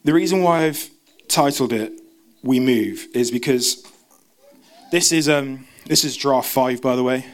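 Man, church preacher, rapid stumbling delivery, casual asides. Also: mid-range voice. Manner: fast, stumbling, self-interrupting. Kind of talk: sermon.

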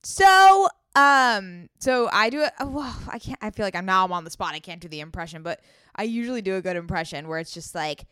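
A woman's voice: mid-range voice, quick pace, bright, forceful tone, smooth, no echo, clean studio sound. A woman co-hosting a podcast in casual chat, playful and teasing. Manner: playful, teasing, laughs often. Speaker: podcast co-host.

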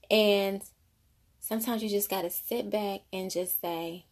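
A woman's voice: mid-range voice, steady tone, unhurried, darkish tone. Chatty mother musing on parenting. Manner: conversational, rambling, frequent "you know". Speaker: mother sharing parenting thoughts. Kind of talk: casual faith-based monologue.

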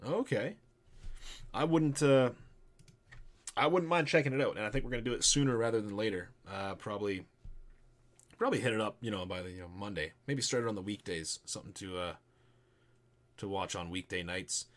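A grown man co-hosting a casual movie review chat, animated and laughing, trailing off into low mumbles. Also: a little fast, pauses often. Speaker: podcast co-host.

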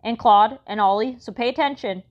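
A woman voicing a rough, bossy older boy who talks blunt and pushy in an audiobook. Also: fairly high pitch, normal speed, dull audio, voice pushed up, close to an everyday voice.

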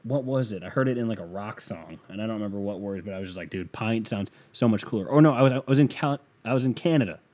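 Rambling, joking man with a mellow voice. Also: fairly low pitch, animated, very fast, hardly any pauses. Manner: joking, rambling, self-mocking. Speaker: vlogger. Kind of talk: casual comedic rant.

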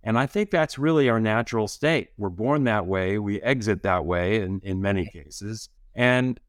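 A man, a physician guest on a podcast, explaining ideas in a calm, measured way. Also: fairly low pitch, dry recording, studio quality. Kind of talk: conversational interview.

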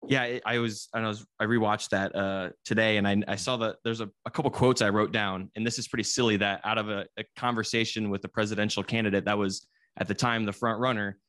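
A man's voice: on the low side, steady tone, fast, a bit bright. A man co-hosting a casual podcast, talking loosely, swearing and laughing easily. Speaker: podcast co-host. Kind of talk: casual chat and interviewing.

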